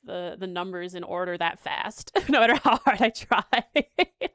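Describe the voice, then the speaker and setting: A young woman livestreaming as she plays a quiz, chatting casually and thinking aloud with halting restarts. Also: mid-range voice, animated, a bit bright, dry recording. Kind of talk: casual livestream chat while playing a quiz.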